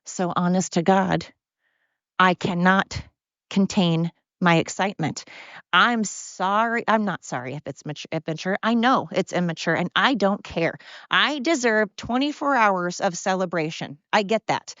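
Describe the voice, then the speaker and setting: A woman hosting a podcast in a casual monologue, excited, brash and mocking, swearing freely. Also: fairly low pitch, unhurried, dry recording, lo-fi sound. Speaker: podcast host.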